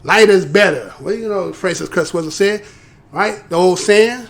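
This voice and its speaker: American male host, high voice with gravel, chatty rhetorical commentary full of tag questions. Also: unhurried. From United States. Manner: conversational, rhetorical, tags points with "right?". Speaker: live show host. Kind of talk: casual commentary.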